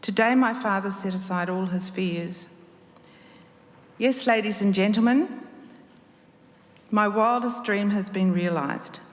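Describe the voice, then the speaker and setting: A woman's voice: mid-range voice, takes it slowly, long pauses, close to an everyday voice. A woman voicing a dramatic young male cabaret singer who pleads breathlessly through tears, heard in a roomy hall. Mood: emotional speech.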